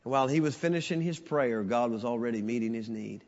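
Preaching man in a reverberant church. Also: fast. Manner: swings from loud preaching peaks to hushed low passages. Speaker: pastor. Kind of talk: sermon. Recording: dull sound with long church reverb.

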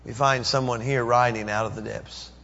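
A man's voice: mid-range voice, steady tone, normal speed, vocal fry, bright, forceful tone. A middle-aged male pastor preaching a sermon, dramatically acting out pleading prayers. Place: church. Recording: dull echoey church recording.

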